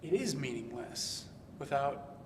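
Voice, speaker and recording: A man's voice: medium pitch, big pitch swings, a little slow, noisy background. Male student, tentative and thoughtful, distant in a roomy hall. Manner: thoughtful, searching, uses "like" often. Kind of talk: class discussion. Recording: reverberant room from a distance.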